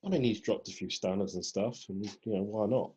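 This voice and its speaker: A man co-hosting a podcast, recapping events in a laid-back, casual way with a husky voice. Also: on the low side, fairly quick, dark tone. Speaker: podcast co-host. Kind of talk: casual chat. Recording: dull lo-fi podcast audio.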